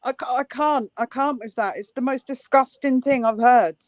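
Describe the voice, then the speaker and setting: A woman co-hosting a casual true-crime discussion, indignant and quick to agree. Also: high-pitched, no echo. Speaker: podcast co-host.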